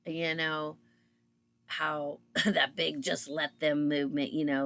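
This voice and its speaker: A woman's voice: sits low, slow pace, a bit bright. A woman in her fifties telling a story in a casual, chatty monologue, acting out both sides of the conversations as she goes. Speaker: vlogger.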